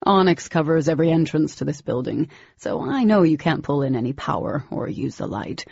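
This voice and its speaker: A woman's voice: low voice, animated, a little fast, vocal fry, a little mellow, breathy edge, no room sound, highs cut off, heavily acted. A woman voicing an older male villain, cold, smug and calculating, in a clipped, condescending manner.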